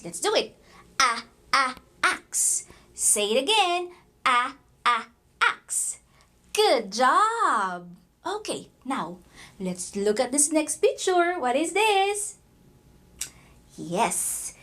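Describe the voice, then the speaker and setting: A woman's voice: sits high, fairly bright tone. A woman teaching young children letter sounds, coaxing them to repeat in a sing-song way. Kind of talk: children's phonics lesson.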